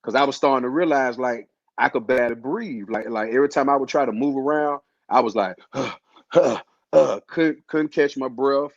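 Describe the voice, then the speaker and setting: Speaking a little fast with hardly any pauses, a mid-range male host shares a personal story about his illness. His delivery is laid-back, slangy and filler-heavy, on a dry, dull lo-fi recording.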